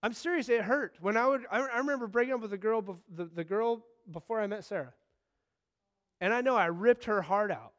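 A man in his thirties preaches a sermon as pastor, speaking conversationally and telling stories punctuated by sudden bursts of excitement. His voice is high-pitched and his pace brisk.

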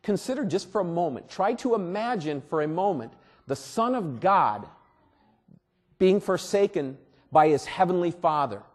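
A man preaching a sermon as pastor at a church service, earnest and deliberate, often repeating words. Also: sits high, big pitch swings.

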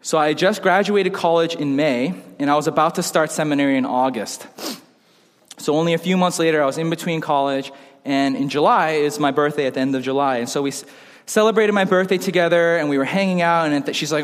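A young man, casual and joking, telling stories in an animated way. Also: a little high, a little fast. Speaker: pastor. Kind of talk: sermon. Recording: long hall reverb.

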